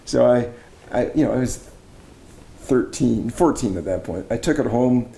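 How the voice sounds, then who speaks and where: Animated yet unhurried, a middle-aged barbershop arranger and judging chair from Canada casually interviews another singer, chatty, admiring and enthusiastic with frequent restarts. His mellow, medium-pitched voice carries some vocal fry in an echoey room.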